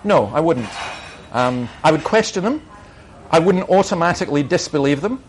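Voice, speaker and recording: A man's voice: on the high side, expressive, moderate pace, slight background noise. A middle-aged man, a minister, answering questions in an emphatic, argumentative way and telling anecdotes.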